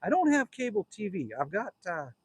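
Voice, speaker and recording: A man's voice: sits high, very animated, brisk, breathy edge, no echo. Jokey Canadian man in his fifties. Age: 50s. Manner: rambling, jokey, talks straight to viewers. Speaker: livestream host. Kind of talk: casual livestream chat reading comments. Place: outdoors at a cabin.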